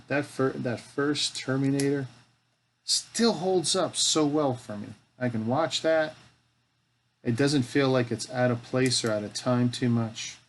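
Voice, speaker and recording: A man's voice: medium pitch, slight background noise. Joking middle-aged man chatting mid-build. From Canada. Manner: joking, talks to himself as he works. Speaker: live-stream host building a toy kit. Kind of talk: casual chat while building.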